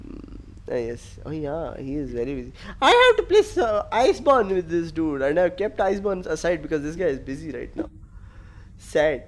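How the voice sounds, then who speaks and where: Animated young man streaming. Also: on the high side, moderate pace. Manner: animated, teasing, laughing. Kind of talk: casual gaming stream chat.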